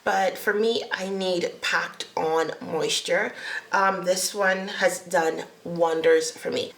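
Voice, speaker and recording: A young woman rambles cheerfully to her viewers about makeup, her voice carrying a gravelly, creaky edge. She talks in a loose, chatty way, restarting and joking at her own expense. The sound is roomy, with a clear echo off the walls. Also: lowish voice, steady tone, takes it slowly. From Bahamas. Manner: chatty and rambling, laughs at herself. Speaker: beauty vlogger. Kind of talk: casual chat to camera.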